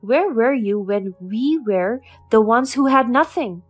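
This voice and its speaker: A woman's voice: fairly high pitch, expressive, measured pace, faint music behind. A woman reading the lines of a resentful grown daughter who speaks in a cutting, accusing way. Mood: cold.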